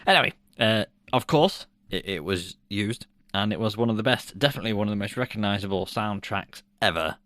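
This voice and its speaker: Man, podcast co-host, low voice, dry close sound, jokey, swears casually. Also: expressive, fairly quick, few pauses, a bit bright, no room sound. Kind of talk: casual film review chat.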